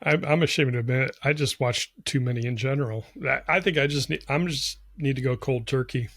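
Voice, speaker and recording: A man co-hosting a podcast, easygoing and quick to laugh, sometimes stumbling over his words. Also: mid-range voice, fairly bright tone, dry recording, clean studio sound. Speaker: podcast co-host. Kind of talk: casual podcast chat.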